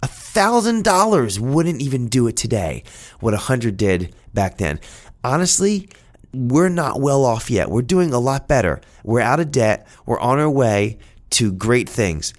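A man's voice: medium pitch, big pitch swings, measured pace. A man telling a personal story in an earnest, heartfelt, conversational way.

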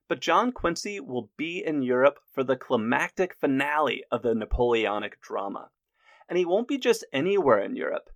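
A man narrating history from a script, lively with jokey asides. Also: a little high, no room sound, clean studio sound.

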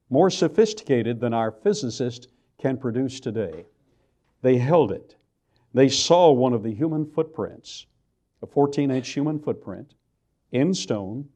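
A man's voice: medium pitch, dark tone. An older man with a Texan accent gives a church lecture in a folksy way, stretching out words he wants to stress. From Texas. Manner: folksy storytelling with slow emphatic stresses. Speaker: creationist lecturer.

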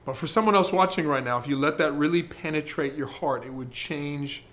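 A pastor preaching a sermon, talking to the congregation in a conversational, emphatic way. His voice sits fairly high for a man. He slows down when he reads scripture. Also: a bit bright. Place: church service, streamed.

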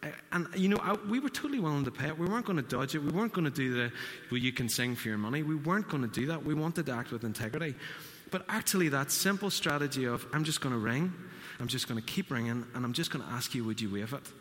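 A man's voice: mid-range voice, lively intonation, fast talker, few pauses, fairly bright tone. A man preaching a sermon, telling a story and acting out the quotes. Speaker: pastor. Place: church hall. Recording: church hall reverb.

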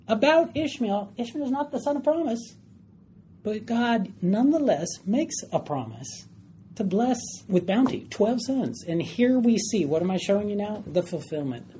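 A woman's voice: on the high side, warm tone, a little hiss or hum. A woman teaching a Bible study class, emphatic and often questioning her group.

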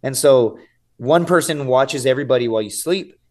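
A man's voice: mid-range voice, moderate pace, darkish tone. A man in his thirties, a guest on a podcast, telling a story casually and with animation, swearing freely and often saying "dude" and "right?". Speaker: podcast guest, survival show contestant.

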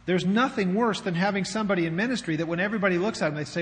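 Man, pastor, conversational sermon, rhetorical questions, high voice, church sanctuary, echoing hall. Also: rapid-fire, fairly bright tone, slight background noise. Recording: long hall reverb.

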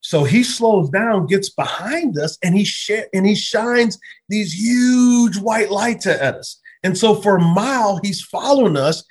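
Earnest, animated storytelling pastor. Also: male voice, high voice, unhurried, slightly rough. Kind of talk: conversational storytelling.

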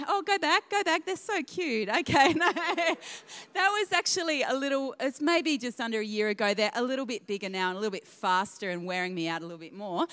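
A woman's voice: a little high, fairly bright tone, big-room sound. A woman in her thirties with an Australian accent, a guest pastor giving a sermon in a church, chatty and self-deprecating with laughing asides. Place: church auditorium.

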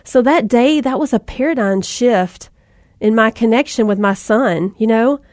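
Woman, 30s, faith talk to moms, folksy asides, fairly high voice, dry close sound. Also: unhurried, darkish tone, no echo. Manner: conversational, folksy, with asides and fillers. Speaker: Christian speaker. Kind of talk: faith-based talk to mothers.

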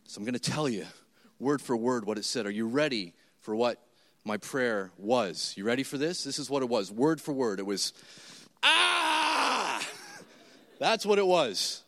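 A man's voice: medium pitch, expressive, moderate pace. A male pastor in his thirties preaching a sermon to his church, talking in a conversational way, repeating words and acting out his own thoughts. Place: church service before a congregation.

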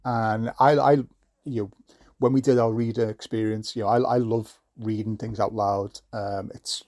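A middle-aged man talks casually on a podcast, drifting through thoughts with many "ums" and restarts. His voice has a gravelly edge, and it sounds dry and close to the mic. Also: on the low side, level tone, moderate pace, a little mellow, dry recording. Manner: rambling, many fillers and restarts. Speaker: podcast host.

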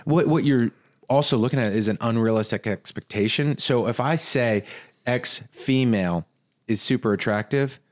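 A married man co-hosting a casual talk about marriage, speaking earnestly and often restarting his sentences. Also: medium pitch. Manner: earnest, halting, many restarts. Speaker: podcast co-host. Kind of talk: casual marriage advice chat.

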